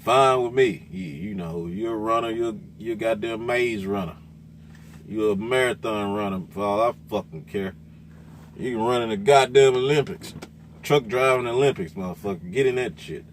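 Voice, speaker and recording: A man's voice: on the low side, normal speed, slight background noise. Profane trucker venting in his cab. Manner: loud, cursing, repetitive, laughing. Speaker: truck driver vlogger. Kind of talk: profane casual rant.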